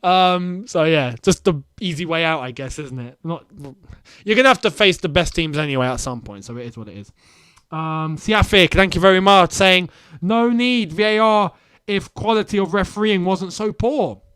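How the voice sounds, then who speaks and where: A young man hosting a live football watchalong, reacting excitedly to play and reading viewer comments aloud. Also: high voice, moderate pace, smooth, no echo, clean studio sound. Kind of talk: live match commentary and chat.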